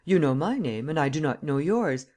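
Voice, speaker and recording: A man's voice: on the high side, expressive, moderate pace, a little mellow. A man reading the part of a proud, ironic master thief in his prison cell, with a formal, coolly mocking manner.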